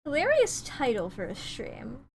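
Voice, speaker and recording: A woman streamer wrapping up a stream, excitable and giggly, chatting casually with her viewers. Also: sits high, unhurried, background noise. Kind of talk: casual stream wrap-up chat.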